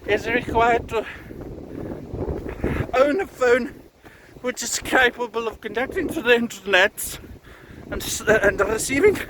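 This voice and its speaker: A man's voice: very high-pitched, measured pace, long pauses. A man in his thirties vlogging while walking on a beach, rambling in a mock-grand, jokey, profane way and a little out of breath. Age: 30s. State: tired, slightly out of breath from walking. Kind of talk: casual walking vlog. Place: outdoors on a windy beach. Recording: wind noise over phone mic.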